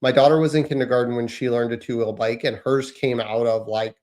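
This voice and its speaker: A man in his thirties with an American accent, co-hosting a casual podcast and telling animated stories about his kids. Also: mid-range voice, brisk. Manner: animated storytelling, acts out his kids' lines. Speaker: podcast co-host. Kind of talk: casual chat.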